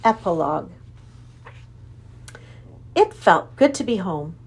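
A woman reading a children's storybook aloud with plenty of expression. Her voice rises and falls a lot, and she keeps the telling lively. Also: fairly low pitch, slow, breathy edge. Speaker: narrator.

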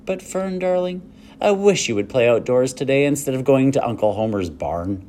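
A man's voice: medium pitch, animated, normal speed, mellow, slight background noise, voice pushed up, lightly acted. A man reading aloud and voicing a farm mother who is firm and scolding yet loving toward her daughter. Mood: stern.

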